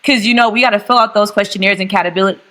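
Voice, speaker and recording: A woman's voice: medium pitch, steady tone, rapid-fire, fairly bright tone, rough recording. A young woman with a St. Louis accent talks candidly on a video call. She is a guest on a podcast, and she chats freely and laughs easily. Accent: St. Louis, Missouri. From St. Louis, United States. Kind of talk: casual podcast chat over video call.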